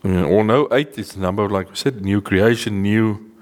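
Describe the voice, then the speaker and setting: A man giving an earnest sermon to a seated group, often slowing down to stress key words. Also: on the low side, darkish tone. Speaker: preacher. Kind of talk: sermon teaching to a live group. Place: meeting room with a seated audience.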